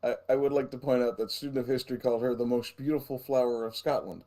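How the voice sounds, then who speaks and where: A man's voice: mid-range voice, fast talker, dark tone. A man co-hosting a podcast, making sardonic quips in casual chat. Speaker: podcast co-host.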